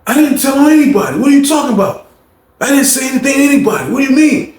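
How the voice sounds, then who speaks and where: A man's voice: very high voice, expressive, fast, darkish tone, far from the mic, pitched above the performer's own voice. A man voicing a frantic accused snitch who keeps pleading his innocence, in an echoey room. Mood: pleading denial.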